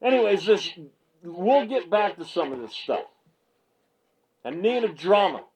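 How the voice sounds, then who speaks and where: A man's voice: high voice, sing-song, measured pace, a little mellow, low-quality recording. A male MMA media host in a fired-up reaction rant, stammering and repeating himself as he gets worked up on his small video set.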